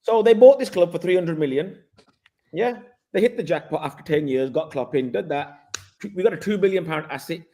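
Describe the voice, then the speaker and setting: A man's voice: on the high side, brisk, mellow. A man, a guest on a football chat show, pressing his argument and cutting in to hold his ground. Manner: persistent, interrupts to press his point. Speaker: guest pundit. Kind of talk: casual football debate.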